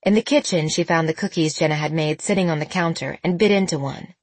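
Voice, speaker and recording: A woman narrating an audiobook in a measured, expressive reading. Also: sits low, no echo.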